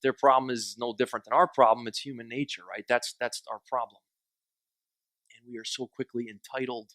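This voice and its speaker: A man's voice: medium pitch, flat delivery, a little fast, fairly bright tone, no echo. A man preaching a sermon in a conversational, joking way, acting out quoted complaints. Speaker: pastor.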